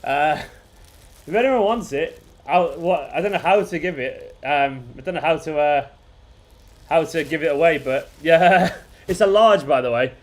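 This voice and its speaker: Chatty man, raised pitch. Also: unhurried. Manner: rambling, chuckling, restarts sentences. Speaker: football fan channel host. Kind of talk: casual live watchalong chat.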